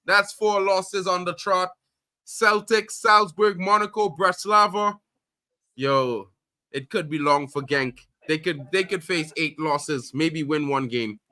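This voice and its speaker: A man streaming casual football chat, animated and slangy, calling everyone bro. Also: sits high, slow, no room sound. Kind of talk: casual live commentary.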